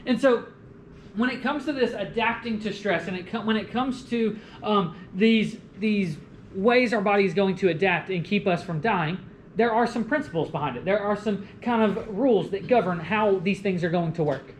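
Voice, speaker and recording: A young man giving a lively college lecture, joking and asking the class questions. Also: high-pitched, moderate pace. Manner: animated, jokey, asks the class questions. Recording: echoey classroom with faint room noise.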